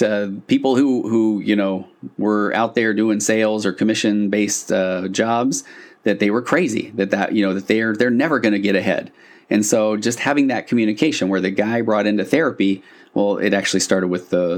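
A man hosting a podcast as a couples therapist, reading quotes aloud and explaining them in a reflective, conversational way with frequent asides. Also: fairly low pitch. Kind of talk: casual solo podcast talk.

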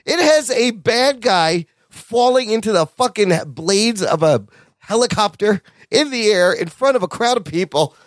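A man co-hosting a casual movie review podcast, talking excitedly, swearing freely and acting out lines from the film. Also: sits high, measured pace, dry recording, clean studio sound. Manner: excited, swears a lot, acts out quoted lines. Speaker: podcast co-host.

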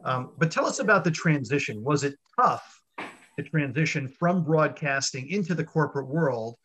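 A man's voice: fairly high pitch, lively intonation, moderate pace, a bit bright, a little hiss or hum. A man hosting a casual interview podcast, chatting easily and asking long setup questions. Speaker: podcast host.

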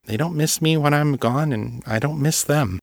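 A man reading a young woman who is part succubus, gently softening her guard. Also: on the high side, normal speed, vocal fry, dry recording, clean studio sound, pitched above the performer's own voice. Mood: wry.

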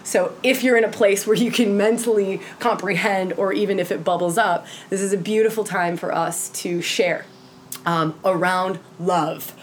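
A woman's voice: mid-range voice, fairly even intonation, normal speed, slight background noise. A woman teaching tantra to a group in an impassioned way, often checking in with "right?" and acting out quoted voices.

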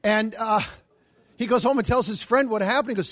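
A middle-aged man preaching and telling a story in an animated way, acting out the voices of the people in it. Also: high-pitched, a little fast. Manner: animated, acts out quoted voices. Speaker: Catholic charismatic preacher. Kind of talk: storytelling sermon.

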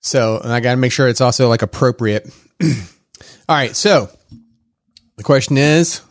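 Man, casual podcast host, mid-pitched, rambling and filler-heavy, dry close sound. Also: moderate pace, long pauses, dry recording. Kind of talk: casual chat.

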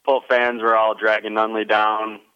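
Lowish guy running down old episodes, bright edge, dull muffled sound. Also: monotone, moderate pace, smooth, no room sound. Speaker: co-host recapping past shows. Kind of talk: casual show recap.

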